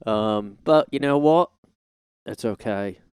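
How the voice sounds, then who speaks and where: A man's voice: fairly low pitch, slow pace, darkish tone, smooth, no room sound, studio quality. A man hosting a solo podcast from his room, rambling and joking with lots of fillers and self-deprecating asides. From United States. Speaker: podcast host. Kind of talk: casual rambling solo chat. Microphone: streaming setup microphone.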